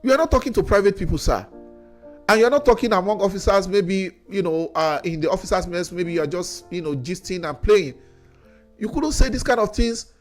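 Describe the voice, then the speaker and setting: A man's voice: sits high, expressive, a little fast, faint music behind. A Nigerian man with a Nigerian English accent giving an opinion monologue, grilling an official with rhetorical questions and stumbling over repeated words. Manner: critical, addressing an official directly with rhetorical questions; repeats words when worked up. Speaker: commentator.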